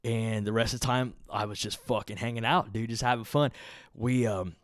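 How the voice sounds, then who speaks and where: A man's voice: on the low side, normal speed, dry recording, clean studio sound. A young man hosting a podcast, telling a long rambling story with lots of swearing and filler words. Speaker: podcast host. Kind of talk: casual storytelling.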